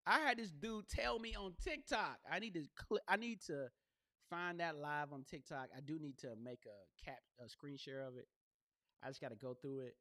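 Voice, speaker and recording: A man's voice: fairly high pitch, normal speed, pushed and bright. A man hosting his own podcast, talking casually and rambling in slang, asking "you know what I mean?". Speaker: podcast host. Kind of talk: casual solo podcast talk. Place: home studio with a box light. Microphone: gaming headset.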